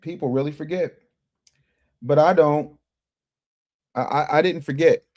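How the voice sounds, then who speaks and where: Emphatic fairly high-voiced male host. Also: measured pace. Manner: animated, emphatic, repeats phrases, frequent restarts. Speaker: livestream news commentary host. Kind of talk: casual livestream chat, reading viewer super chats.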